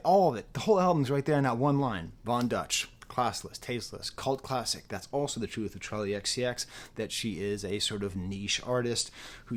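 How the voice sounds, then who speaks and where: A man giving a casual, rambling spoken album review, animated and prone to interrupting himself. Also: medium pitch. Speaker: music reviewer.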